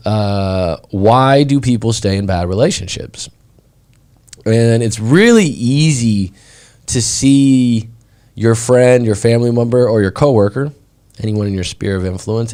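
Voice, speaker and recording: A man's voice: on the low side, mellow. A man hosting a live stream as a breakup coach, talking in a chatty way and often asking "right?". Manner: chatty, frequently asks "right?".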